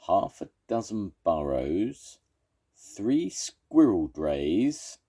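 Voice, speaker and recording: A man putting on a measured, wise owl. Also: low-pitched, very animated, warm tone, slightly rough, voice pushed up, exaggerated voice. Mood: sober. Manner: measured, counting things off. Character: wise, careful owl counting losses.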